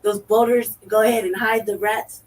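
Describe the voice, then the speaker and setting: A woman co-hosting a talk show, telling a profane story in a lively way and acting out her own reactions. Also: medium pitch, normal speed. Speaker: podcast co-host. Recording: distant mic with faint noise.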